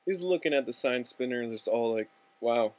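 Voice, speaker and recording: A young man walks through his unfilmed student film scene by scene, loose and slangy. His voice sits in an ordinary middle range. Now and then he bursts into loud, high-pitched character voices. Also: expressive, quick pace. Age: young adult. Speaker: student filmmaker narrating a storyboard. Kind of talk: casual storytelling with acted-out dialogue.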